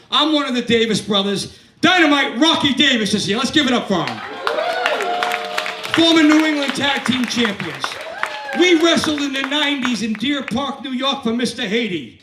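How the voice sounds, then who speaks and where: A man's voice: extremely high pitch, fairly bright tone, a little hiss or hum. A man in his fifties doing a stand-up set in a comedy club, telling crude, rambling stories and working the crowd. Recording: echoey club, from a distance.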